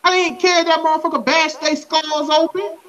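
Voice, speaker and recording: A man's voice: very high-pitched, little pitch movement, normal speed, fairly bright tone, slight background noise. A man co-hosting a casual podcast, talking emphatically with plenty of swearing. He keeps circling back to hammer the same point. The audio is dull and muffled. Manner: emphatic, profane, repeats his points. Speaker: podcast co-host.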